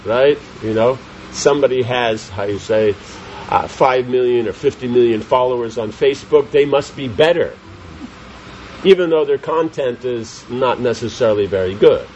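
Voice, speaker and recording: A man's voice: medium pitch, normal speed, a little mellow, slight background noise. Guy giving a scripture class, keeps asking the room questions, kinda dull lo-fi sound. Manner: reads commentary then explains with rhetorical questions to the audience. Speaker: spiritual teacher.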